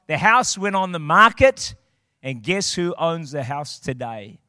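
High-voiced man preaching with fire. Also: lively intonation, unhurried, no room sound, clean studio sound. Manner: impassioned preaching, rising to shouted declarations. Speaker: pastor. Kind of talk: sermon.

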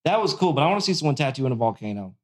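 A man co-hosting a casual podcast, telling stories excitedly and swearing a lot. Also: mid-range voice, very fast. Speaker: podcast co-host, tattooer. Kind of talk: casual chat.

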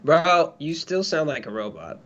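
A man's voice: a little high, sing-song, unhurried, slight background noise. A man co-hosting a podcast in casual chat, playful and laid-back, talking over a video call. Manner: playful, laid-back, says "bro" a lot. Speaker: podcast co-host. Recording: lo-fi online call audio.

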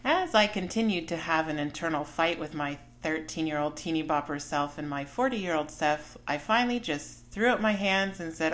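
Podcast host, woman, 40s; candid personal storytelling, slightly low pitch, frank. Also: expressive, moderate pace, few pauses, fairly bright tone.

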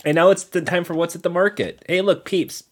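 Playful higher-voiced man co-hosting. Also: fairly even intonation, fairly quick, a little hiss or hum. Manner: joking, teasing, playful. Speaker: podcast co-host. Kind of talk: casual chat.

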